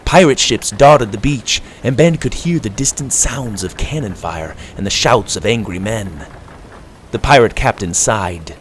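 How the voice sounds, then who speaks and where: A man narrating a children's adventure story aloud, expressive and reading aloud. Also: on the low side, measured pace, slight background noise.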